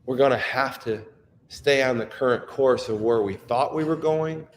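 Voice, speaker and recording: A man's voice: mid-range voice, normal speed, long reverb tail, slight background noise. A middle-aged man giving an earnest, emotional motivational talk, often repeating himself and restarting his sentences. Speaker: speaker sharing personal stories.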